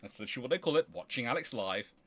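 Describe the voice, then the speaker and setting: Hosting a history livestream, a man chats casually, excitable and rambling, often restarting his sentences. His medium-pitched voice comes very fast, and there is no room sound.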